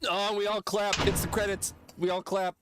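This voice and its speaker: Brief: male streamer, relaxed joking commentary, a bit higher than most men. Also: normal speed, background noise. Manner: offhand, joking, swears casually. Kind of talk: casual game commentary.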